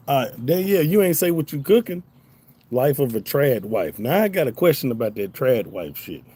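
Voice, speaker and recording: A man's voice: medium pitch, dark tone. A man hosting a casual livestream, reading chat aloud in a loose, profane way and laughing often. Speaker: livestream host.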